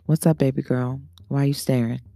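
A woman's voice: very deep voice, steady tone, brisk, creaky, dark tone, dry recording, pitched above the performer's own voice. A man voicing a frank, motherly woman swinger with a New Orleans accent who calls everyone baby. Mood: reassuring. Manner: calls people baby, blunt advice. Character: sassy older woman swinger, soothing and frank.

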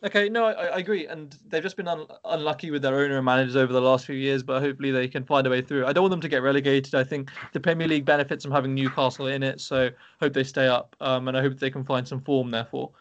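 A young man hosting a casual football podcast, moving his panel along with brisk questions. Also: medium pitch, steady tone, lo-fi sound. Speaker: podcast host.

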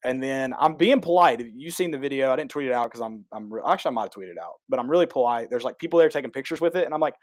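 A man, co-hosting a casual talk show, telling a rambling, excitable story and correcting himself as he goes. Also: medium pitch, very fast, hardly any pauses, no room sound. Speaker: podcast co-host.

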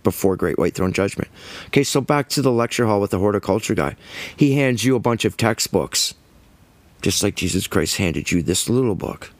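A man's voice: lowish voice, dry recording. A man preaching a sermon, emphatic and scornful, firing rhetorical questions at his listeners.

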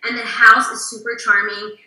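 A woman's voice: fairly high pitch, level tone, moderate pace, bright, forceful tone, roomy sound, low-quality recording. A woman interior designer as a guest, chatting casually and telling stories in a bubbly way, acting out other people's lines. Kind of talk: casual storytelling chat.

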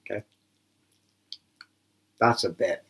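A man's voice: takes it slowly, a bit bright. A man co-hosting a casual film commentary, joking crudely and rambling as he watches.

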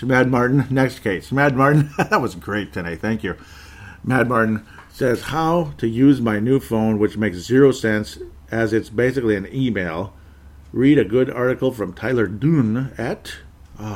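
A man hosting a sports talk show, chatting casually and reading out listener comments, often rambling, correcting himself and laughing. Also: medium pitch. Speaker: sports podcast host.

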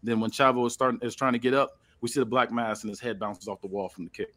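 A man's voice: medium pitch, fairly even intonation, quick pace, a bit bright. A man casually recapping a match blow by blow, rambling with lots of fillers. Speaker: podcast host.

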